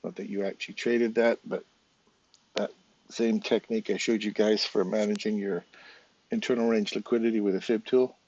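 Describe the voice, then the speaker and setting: A man's voice: on the low side, fairly even intonation, normal speed, a little mellow, slightly rough, muffled recording. An English man with a casual, chatty manner, talking viewers through a trading chart live, step by step. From England. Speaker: trading educator.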